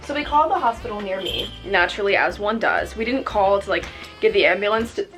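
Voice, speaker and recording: A woman's voice: medium pitch, animated, brisk, fairly bright tone, soft background music. A young woman chatting casually while doing her makeup, rambling through a story with lots of fillers. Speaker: beauty vlogger. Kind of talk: casual get-ready-with-me chat.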